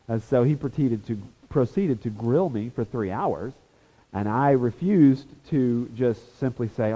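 A man teaching a Bible lesson as a sermon, animated and acting out the voices of people in the story. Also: medium pitch, normal speed. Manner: animated, acts out voices of the disciples and Jesus. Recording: reverberant hall.

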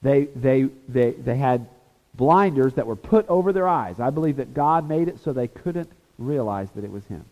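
A man teaching a Bible lesson as a sermon, animated and acting out the voices of people in the story. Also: mid-range voice, normal speed, highs cut off. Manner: animated, acts out voices of the disciples and Jesus. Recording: reverberant hall.

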